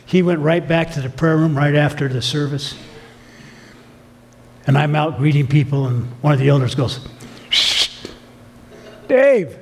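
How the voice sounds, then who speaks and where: A man's voice: fairly high pitch, steady tone, normal speed, creaky, pauses often, darkish tone, a little hiss or hum. A man preaching a sermon, telling stories with emphatic, acted-out quotes. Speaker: pastor. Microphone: filmed sermon.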